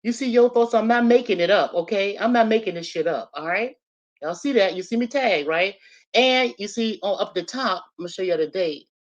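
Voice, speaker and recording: A woman's voice: mid-range voice, brisk, lo-fi sound. An older woman talking straight to camera in a casual vlog. She is blunt, swears freely and rambles from point to point. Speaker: YouTube commentator.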